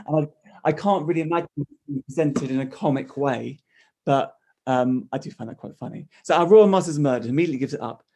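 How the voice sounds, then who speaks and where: A man's voice: medium pitch, steady tone, brisk, warm tone, breathy edge. A man co-hosting a casual discussion of a play, thinking aloud and often restarting his sentences. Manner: thoughtful, with frequent restarts. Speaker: podcast co-host discussing a play. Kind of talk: casual analytical chat.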